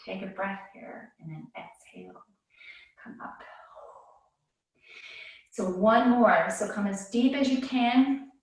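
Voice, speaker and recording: Calm woman guiding a yoga class. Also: medium pitch, slow pace, long pauses, very echoey, far from the mic, poor audio. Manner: calm, cueing breath and movement. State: a little out of breath. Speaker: yoga instructor. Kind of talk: guided yoga class instruction.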